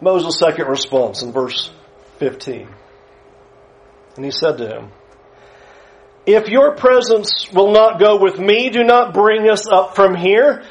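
A man's voice: high voice, lively intonation, slow pace, pauses often, a little hiss or hum, poor audio. A man preaching a sermon, earnestly paraphrasing scripture in a conversational way.

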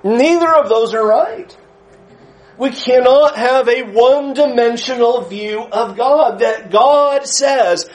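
A man's voice: very high-pitched, slow pace, low-quality recording. A man preaching a Bible lesson in an earnest, emphatic way, acting out the voices he quotes. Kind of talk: sermon lesson.

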